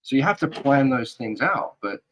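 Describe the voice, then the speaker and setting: Male guest, mid-pitched, earnest, halting, thinks out loud. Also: animated, poor audio. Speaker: guest, security advisor. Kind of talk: casual interview talk.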